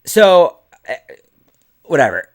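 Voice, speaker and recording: A man, an indie filmmaker, telling a story to camera in a casual, animated way. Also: fairly high pitch, slow. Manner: animated, acts out the people in his story.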